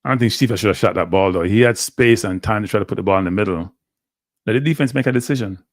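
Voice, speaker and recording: A watchalong host speaks fast in a lowish voice, calling football play-by-play live while venting blunt, frustrated fan reactions. The recording is dry and studio quality.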